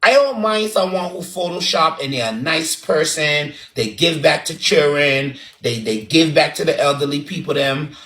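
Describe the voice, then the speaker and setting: A man's voice: high voice, fairly bright tone. A man with a Barbadian accent giving sassy, dramatic roasting commentary with lots of repetition. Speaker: online commentator. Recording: roomy echo.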